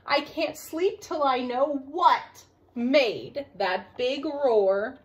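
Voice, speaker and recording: A woman voicing a frightened little male baby bear in a storybook, high and pleading. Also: very slow.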